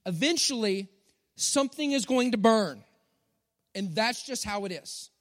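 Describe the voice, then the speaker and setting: A middle-aged man preaching a sermon with animated, dramatic storytelling and emphatic repetition. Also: high voice, a little slow. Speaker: pastor. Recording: long hall reverb.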